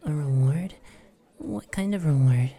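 A young woman in a whispered role-play, her voice low and gravelly with a mellow, dark tone. She talks slowly and breathily, flustered and teasing.

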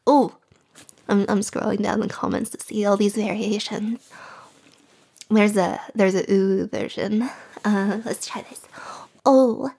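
A woman chatting casually in a soft, whispery voice, giggly and rambling. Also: mid-range voice, level tone, a little slow, pauses often, slightly rough.

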